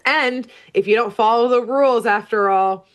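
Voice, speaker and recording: A woman's voice: on the high side, moderate pace. Chatty woman recapping a cartoon. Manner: animated storyteller, acts out character lines. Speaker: podcast co-host recapping a cartoon. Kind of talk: casual podcast chat.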